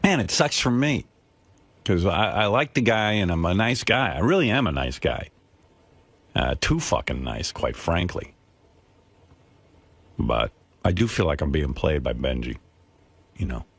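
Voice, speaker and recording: A man's voice: low-pitched, sing-song, a little slow, vocal fry, pauses often, a bit bright, no echo. A man hosting a radio show, rambling and exasperated as he tells a story. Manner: rambling, exasperated, self-deprecating. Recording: dry studio sound.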